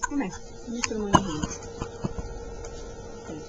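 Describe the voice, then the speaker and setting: A woman at home talking playfully to a toddler in animated, sing-song baby talk, recorded on a handheld camcorder. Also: mid-range voice, a little slow, dull audio, loud music behind the voice. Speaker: caregiver filming a toddler. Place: at home, indoors. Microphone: handheld camcorder mic. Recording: home video with clear background noise.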